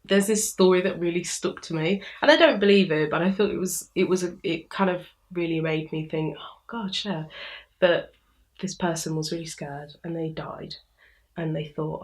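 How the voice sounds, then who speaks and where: A young woman from England talks casually in an interview, her voice sitting a little low. She laughs often and slips into little acted-out quotes of her own thoughts. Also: normal speed. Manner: chatty, laughs often, animated quoting. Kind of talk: casual chat.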